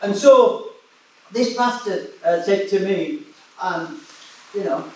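A man's voice: high voice, animated, slow. Preacher man in an echoey room. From West Yorkshire, England. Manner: chatty anecdotes, laughing often. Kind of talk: sermon storytelling. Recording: echoey room, distant mic.

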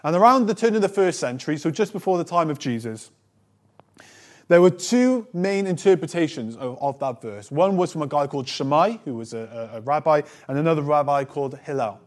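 A man delivering a sermon in a slightly higher-pitched voice. He reads scripture aloud and then unpacks it in a conversational tone with the odd light aside, and his phrases often fall away softly at the end. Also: expressive, brisk. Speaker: preacher. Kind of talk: sermon with Bible reading.

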